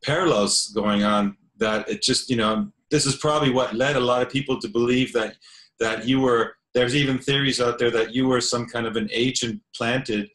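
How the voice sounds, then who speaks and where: A man, a film director, interviewing an author over a video call, speaking haltingly with many restarts. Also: medium pitch, steady tone, fairly bright tone, echoey room, low-quality recording. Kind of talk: online interview.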